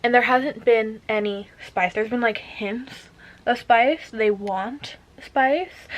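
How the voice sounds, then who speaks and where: A woman's voice: on the high side, slow. A young woman chatting casually about a book she is reading, gushing and rambling, sometimes dropping to a whisper. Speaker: reading vlogger.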